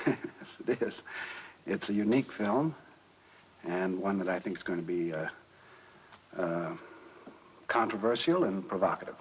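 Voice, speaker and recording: A man from the United States, a film actor answering interview questions deliberately, pausing often, in a dull lo-fi 1960s recording. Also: sits low, slight background noise. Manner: deliberate, pauses with many fillers.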